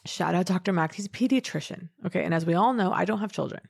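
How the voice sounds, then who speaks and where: Rambling, animated woman telling a story. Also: lowish voice, quick pace, creaky. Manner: animated, rambling, acts out quotes. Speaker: podcast co-host. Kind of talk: casual chat, storytelling.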